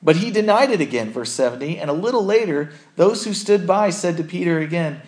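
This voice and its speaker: A man's voice: a little high, animated, fairly quick, hardly any pauses, a little mellow. A man giving a conversational sermon, acting out quotes from the story and his own life. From southern United States. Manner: conversational, acts out quotes in character voices. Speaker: preacher.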